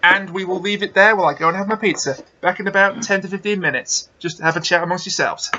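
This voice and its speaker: A man's voice: high-pitched, fast, sharp tone, muffled recording. A man hosting a casual online chat, joking and cursing. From Blackpool, England. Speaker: podcast host.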